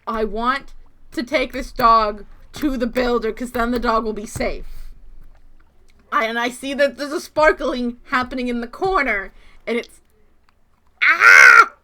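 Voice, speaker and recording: Bright, excitable woman streamer. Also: on the high side. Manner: excitable, gasping and squealing with delight; quiet, quick murmur when reading game text. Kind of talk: gaming livestream chat and reading game text aloud.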